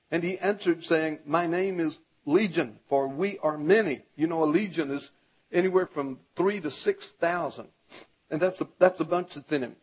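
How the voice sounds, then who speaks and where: A man preaching a sermon with a high, husky voice. He reads scripture and talks straight to the congregation, and climbs into a shout when he urges them on. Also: low-quality recording. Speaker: pastor.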